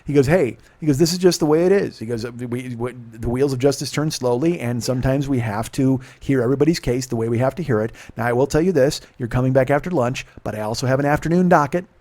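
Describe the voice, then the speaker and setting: A middle-aged man, a podcast host, telling a profane, animated story in casual talk and acting out the dialogue. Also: medium pitch, quick pace, hardly any pauses.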